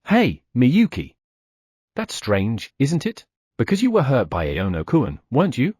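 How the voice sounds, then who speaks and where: A man's voice: medium pitch, huge pitch swings, a little slow, a little mellow, husky, dry recording, clean studio sound, exaggerated voice. A man voicing an agitated teenage schoolgirl who presses a classmate with questions. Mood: accusing. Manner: pressing, accusing.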